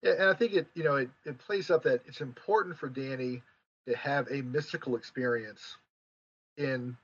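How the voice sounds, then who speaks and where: A man's voice: medium pitch, moderate pace, slightly rough, highs cut off. A man speaking as a podcast guest, with a wry, dry humor. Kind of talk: casual discussion.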